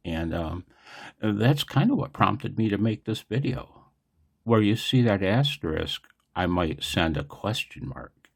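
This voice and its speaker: A man's voice: low voice, creaky. A man in a casual, rambling vlog, explaining radio operating in a chatty, digressive way.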